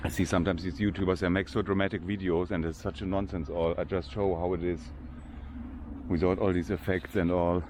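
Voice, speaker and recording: A man's voice: sits low, little pitch movement, brisk, noisy background. An older man with a German accent, chatting casually in unpolished English while walking through a large cemetery for his vlog. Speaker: vlogger.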